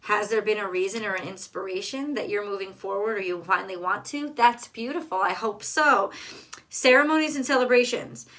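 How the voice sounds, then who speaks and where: A woman's voice: mid-range voice, brisk, a bit bright. A woman giving a casual tarot card reading in a blunt, emphatic way, swearing freely. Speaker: tarot reader.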